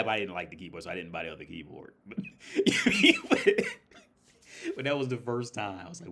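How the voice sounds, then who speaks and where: Profane, rambling American man, low voice. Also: wildly swooping pitch, normal speed, bright, forceful tone, slightly rough. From United States. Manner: rambling, profane, laughs often. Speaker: livestream host. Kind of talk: casual livestream talk.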